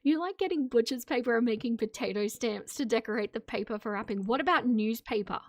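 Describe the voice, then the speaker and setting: A woman's voice: fairly high pitch, brisk, dry recording, clean studio sound. A woman streamer giving casual, opinionated commentary to her live chat, laughing often between remarks. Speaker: streamer reacting to videos.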